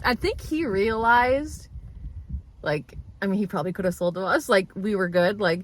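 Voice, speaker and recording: A woman in her thirties telling a story in a casual vlog, chatty and animated, laughing often as she talks while moving around a room at home. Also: mid-range voice, normal speed. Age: 30s. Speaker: vlogger.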